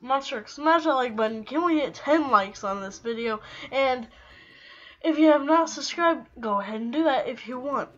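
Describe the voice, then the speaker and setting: A woman's voice: high-pitched, lively intonation, moderate pace, lo-fi sound. A young woman commenting on her own online match, flustered and exclaiming as things go wrong, a little out of breath. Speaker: gaming video host. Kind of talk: casual gameplay commentary.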